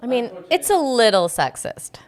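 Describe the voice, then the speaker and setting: A woman's voice: on the high side, very animated, moderate pace, soft background music. A woman co-hosting a podcast in casual chat, making wry, joking asides. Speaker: podcast co-host.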